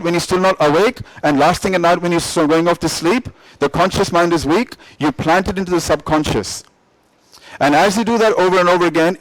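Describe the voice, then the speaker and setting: A middle-aged man with a high-pitched voice gives a motivational talk, driving his points home through repetition and questions to the room. The sound is close and dry, with almost no room reflection. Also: no echo, rough recording. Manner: emphatic, repetitive, asks the audience questions. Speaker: motivational speaker.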